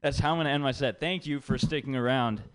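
A man's voice: mid-range voice, fast talker. A young American man doing a rambling, self-deprecating stand-up set in a small room. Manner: rambling, self-deprecating, laughs mid-line. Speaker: stand-up comedian. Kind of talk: stand-up set at an open mic. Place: small comedy room, live.

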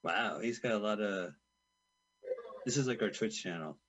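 A man's voice: on the low side, normal speed, a bit bright. A man co-hosting a casual watch-along chat, teasing his partner in dry banter. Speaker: podcast co-host.

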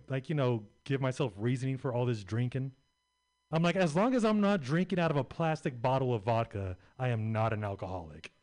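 A man's voice: medium pitch, darkish tone. A young man performing a rambling, profane, self-deprecating stand-up comedy set on a club stage.

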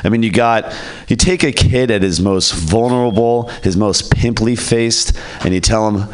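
A stand-up comic with a low, smooth voice works through his set at an open mic. He keeps a dry, matter-of-fact delivery on a stage mic. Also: normal speed.

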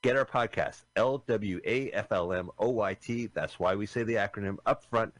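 A man's voice: lowish voice, moderate pace, no room sound. A man co-hosting a casual internet radio podcast, chatty and rambling, sometimes searching for words. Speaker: podcast co-host. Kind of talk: casual chat.

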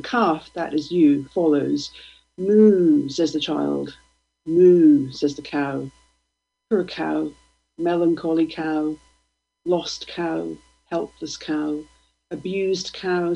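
A woman, a guest poet, reading her poems aloud in a slow, deliberate, provocative way. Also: low-pitched, creaky, darkish tone, husky. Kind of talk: poetry reading. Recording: dull lo-fi radio stream.

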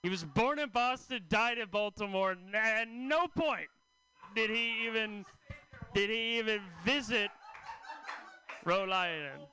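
A man's voice: sits high, a little slow, sharp tone, a little hiss or hum, poor audio. A man doing a stand-up comedy set on a club stage in a dry, conversational way. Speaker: stand-up comic.

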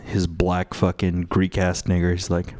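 Man, radio host, very low voice, dry close sound, profane, rambling, mocking. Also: monotone, measured pace, a little mellow, no room sound. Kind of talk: crude rambling radio rant.

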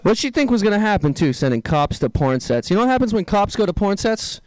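A man doing a stand-up comedy set, telling dark jokes deadpan and tossing asides to the crowd. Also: sits high, fast talker, slight background noise, rough recording.

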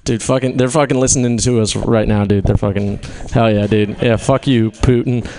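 On stage at a small venue before a live audience, a young California comedian speaks in a warm, mid-range voice at normal speed with fairly even intonation. Amid slight background noise, he rambles, swears a lot, and laughs at his own material.

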